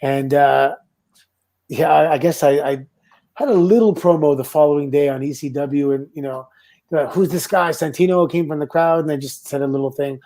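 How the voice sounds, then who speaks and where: A middle-aged man from Canada, a former wrestler, telling stories in a relaxed, casual interview. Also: a little high, normal speed. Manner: relaxed anecdotal storytelling with laughs and quoted voices. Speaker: guest, former pro wrestler.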